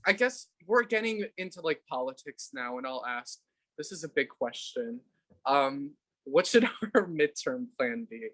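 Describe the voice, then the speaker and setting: A man's voice: medium pitch, very animated, measured pace, a bit bright. A man hosting a casual podcast interview, asking blunt questions with a joking manner. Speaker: podcast host.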